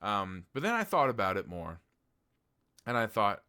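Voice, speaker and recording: A man's voice: lowish voice, very animated, moderate pace, pauses often, sharp tone, clean tone. A man giving a casual spoken TV review in a blunt, heated way, swearing freely. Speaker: TV show reviewer.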